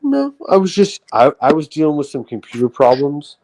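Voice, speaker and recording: A man's voice: fairly high pitch, sing-song, normal speed, darkish tone, slight background noise, rough recording. A man hosting a livestream, talking in a rambling, profane way with frequent restarts. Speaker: livestream host. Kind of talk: casual livestream rant.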